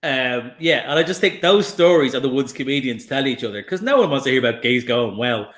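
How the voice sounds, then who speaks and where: A man chatting as a guest comedian, telling lively anecdotes with swearing and restarts over a video call. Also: medium pitch, brisk. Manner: animated storyteller, swears, restarts. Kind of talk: casual chat, anecdotes. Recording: echoey room.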